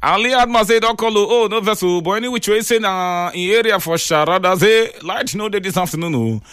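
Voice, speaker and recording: A man with a Nigerian Pidgin accent hosting a casual radio call-in show. He chats with callers and greets them warmly. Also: high voice, brisk, smooth, dry recording, clean studio sound.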